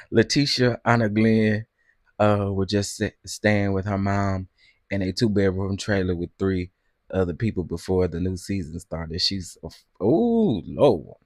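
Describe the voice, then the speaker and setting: A man hosting a casual live stream, chatty and quick to laugh, talking straight to his viewers. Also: low-pitched, animated, darkish tone, no echo, studio quality.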